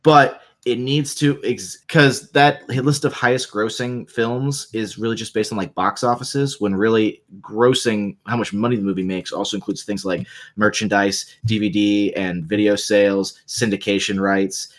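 A man co-hosting a casual pop-culture podcast, his voice sitting on the lower side. He talks in eager bursts, restarting sentences and piling on caveats. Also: normal speed, hardly any pauses. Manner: animated, stammering restarts, fond of caveats. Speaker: podcast co-host. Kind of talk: casual chat.

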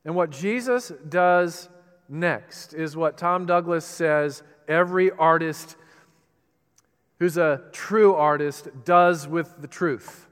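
A man preaching a sermon with dramatic pauses and rising emphasis. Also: on the high side, a bit bright, clear, resonant tone. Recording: reverberant hall.

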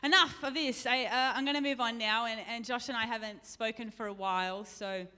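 A bright, forceful woman giving a sermon in a chatty, self-deprecating way, laughing often. Her voice sits a little high and carries a long reverb from the church hall. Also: fairly even intonation, brisk, smooth. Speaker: preacher.

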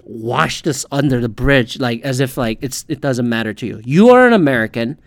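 A man's voice: on the high side, no room sound. A man hosting a podcast, ranting heatedly in casual solo commentary and swearing often. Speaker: podcast host.

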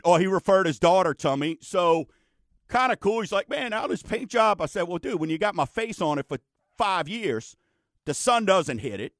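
A man who is a mortgage lender hosts a casual radio talk show, chatting away and spinning folksy stories. His voice sits fairly high for a man and sounds a bit bright, recorded dry and close with no echo.

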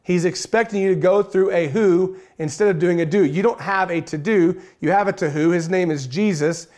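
A man with a fairly high voice preaches a sermon. He reads scripture aloud and drives each point home by repeating phrases. Relaxed, folksy asides break up the teaching. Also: normal speed.

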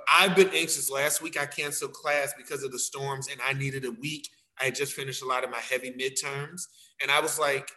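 A man's voice: mid-range voice, steady tone, normal speed, pushed and bright, poor audio. A man, a dance teacher, talking casually and acting out quotes of himself and others. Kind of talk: casual conversation.

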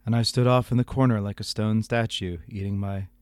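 A man doing an impression of an older male radio storyteller, reading in a low, slow, deadpan way very close to the microphone. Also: clean tone, no echo, natural voice. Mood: self-pitying.

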